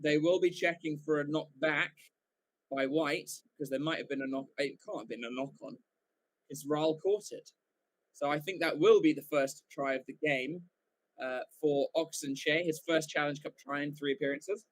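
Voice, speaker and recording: A man giving live fan commentary for a watchalong stream, excitable, swearing casually and often correcting himself mid-call. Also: on the high side, normal speed.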